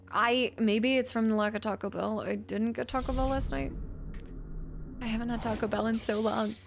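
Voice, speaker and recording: Chatty excitable woman streamer. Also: mid-range voice, background noise. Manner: chatty, excitable, jumps between chat and gameplay. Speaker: game streamer. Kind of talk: live-stream chat while playing.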